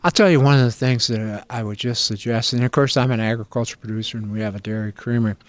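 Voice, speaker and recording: An older man from upstate New York speaks in an earnest, folksy way, drifting into stories as he answers. His voice sits at an ordinary middle pitch. The sound is dry and close, with no room around it. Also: quick pace, dry recording. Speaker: agricultural finance professor. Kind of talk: interview answers.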